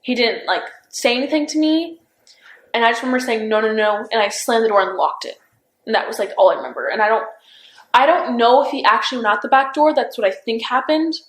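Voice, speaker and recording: A young woman in her twenties recounting events in a recorded police interview, halting and unsure, with constant fillers and restarts. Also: fairly high pitch, very animated, a bit bright. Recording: roomy interview room recording.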